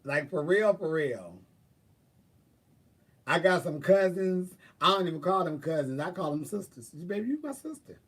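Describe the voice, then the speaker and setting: A man's voice: a little high, expressive, unhurried, pauses often, recorded from a distance. A man hosting a live stream, chatting casually with viewers in a sassy, profane way. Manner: sassy, profane, drawling asides. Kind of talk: casual chat, answering viewers.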